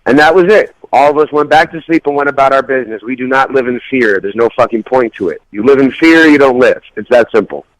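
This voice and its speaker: A man's voice: medium pitch, fast talker, hardly any pauses, no room sound, rough recording. Brash, profane man on talk radio. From New York. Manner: brash, profane, blunt and opinionated. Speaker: radio show co-host. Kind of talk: casual uncensored talk radio banter.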